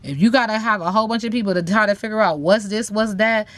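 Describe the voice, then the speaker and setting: A woman's voice: mid-range voice, fast talker, no room sound. A woman giving a casual tarot reading, talking in a sassy, slang-heavy way with playful teasing asides to viewers. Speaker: tarot reader.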